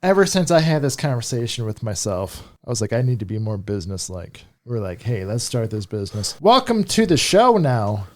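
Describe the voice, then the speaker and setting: A man's voice: fairly low pitch, brisk, few pauses, darkish tone. A young man co-hosting a casual podcast, rambling and playful as he shares things he read. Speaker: podcast co-host. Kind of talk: casual stoner chat.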